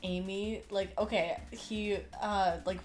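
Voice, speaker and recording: A woman's voice: mid-range voice, fairly even intonation, takes it slowly, faint music behind. A young woman co-hosting a podcast in casual chat, mocking and exasperated, acting out scenes in mock voices. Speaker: podcast co-host.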